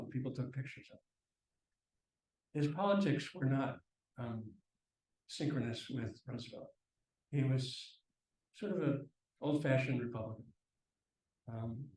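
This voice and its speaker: A man giving a slideshow lecture at a university, relaxed and halting, with frequent ums and restarts. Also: mid-range voice. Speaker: guest lecturer. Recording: echoey lecture room from far off.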